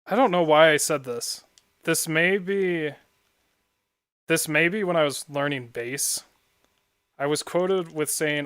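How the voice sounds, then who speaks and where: A man's voice: a little high, measured pace, a bit bright, no room sound. A young man streaming and chatting casually while gaming, rambling and often laughing at his own stories.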